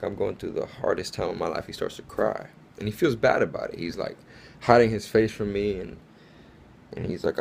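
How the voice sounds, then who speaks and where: A man's voice: low voice, vocal fry, darkish tone, a little hiss or hum. A man telling a personal faith story in an earnest, casual way, full of fillers like "like" and "bro". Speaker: faith testimony speaker.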